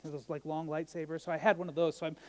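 A man's voice: fairly high pitch, flat delivery, fast talker, in a large hall. A male pastor giving a casual, conversational sermon, often asking the listeners "right?" and telling humorous stories. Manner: conversational, asks the crowd "right?", tells jokey stories.

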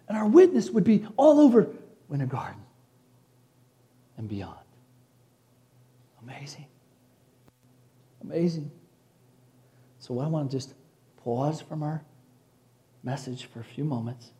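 A man from Chicago preaching a sermon to his congregation, dropping to soft, hushed passages and rising to loud, exclaiming peaks. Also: high voice, expressive, normal speed, pauses often. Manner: preacherly, addresses congregation as church. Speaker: pastor.

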